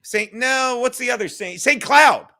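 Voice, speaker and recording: A man's voice: extremely high pitch, a little slow, pushed and bright. A man hosting a casual livestream chat, loose and profane, reading viewer comments aloud. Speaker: livestream podcast host.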